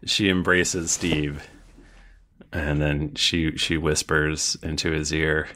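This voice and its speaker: A man narrating as game master of a tabletop game, slow and hesitant with many pauses. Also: very deep voice, little pitch movement, bright, forceful tone, slight background noise.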